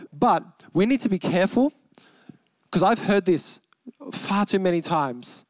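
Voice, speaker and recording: A young adult man with an Australian accent, preaching a sermon in an earnest, emphatic way, slowing and softening on key words. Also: sits high, dry recording. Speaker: pastor.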